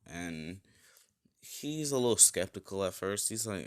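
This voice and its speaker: A man's voice: low voice, takes it slowly, clear, resonant tone. A man casually retelling an improvised fan story, rambling with many fillers and self-corrections.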